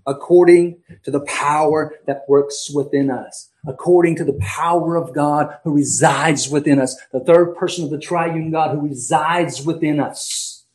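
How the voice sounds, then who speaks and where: A male pastor preaching an emphatic sermon, slowing down and swinging between loud stresses and quiet asides. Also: a little high, steady tone, poor audio. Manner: emphatic preaching with dramatic pauses and swings in volume.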